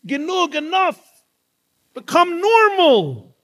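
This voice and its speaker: A man voicing an indignant woman who scolds a stranger in an exasperated, shrill way. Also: expressive, unhurried, vocal fry, sharp tone, exaggerated voice. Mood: scolding.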